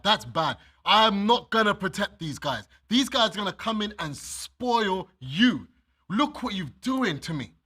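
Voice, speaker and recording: A male minister preaching, reading verses of scripture and then speaking straight to the congregation. His voice sits a little high for a man, with a bright, tense edge and a husky grain. He makes his points with everyday examples. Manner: reads scripture aloud and explains it to listeners; addresses listeners directly with everyday examples. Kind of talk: sermon.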